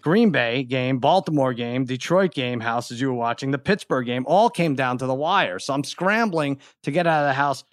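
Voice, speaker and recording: A middle-aged man on a podcast, telling a story in an animated, exasperated way. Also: mid-range voice, normal speed, few pauses, dry recording, studio quality. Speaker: podcast co-host. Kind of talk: casual chat.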